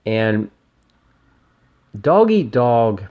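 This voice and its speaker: A man hosting his own podcast, reviewing an old album in a casual, rambling way, swearing often and getting excited about the music. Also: medium pitch, very slow. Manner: profane, rambling and enthusiastic. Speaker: podcast host.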